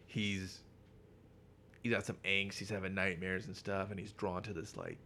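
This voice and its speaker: A man co-hosting a podcast, casually retelling a comic's plot with lots of swearing and quick character voices. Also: sits low, fairly even intonation, pushed and bright, a little hiss or hum. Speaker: podcast co-host. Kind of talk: casual comic book chat.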